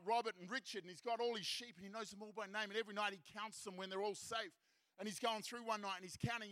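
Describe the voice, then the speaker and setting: Aussie guy preaching, bright high-ish voice, acts out all the parts, dry sound. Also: dry recording. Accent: Australian. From Australia. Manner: animated, acts out characters' lines. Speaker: seminar speaker. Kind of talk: storytelling sermon.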